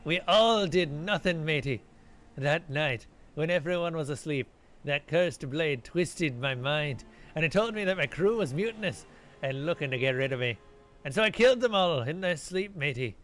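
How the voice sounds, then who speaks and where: A man's voice: a little high, lively intonation, normal speed, a bit bright, faint music behind. A man voicing a grim, boastful old male pirate ghost, reading game dialogue aloud in salty pirate talk.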